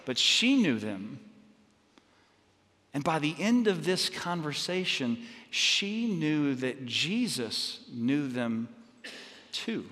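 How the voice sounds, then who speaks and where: A man preaching a sermon as pastor, telling stories in a halting way with many restarts and fillers. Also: fairly high pitch, a bit bright, in a large hall.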